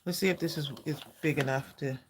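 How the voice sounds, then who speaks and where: A woman's voice: low voice, fairly even intonation, a little fast, very noisy. A woman hosting a live crafting stream, chatting casually with viewers, greeting them by name and saying "y'all" a lot. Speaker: craft livestream host.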